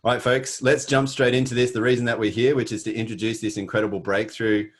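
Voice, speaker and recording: A man's voice: medium pitch, flat delivery, quick pace. A middle-aged Australian man with an Australian accent, giving an earnest motivational webinar talk with many fillers and restarts. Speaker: webinar presenter. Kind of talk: motivational presentation.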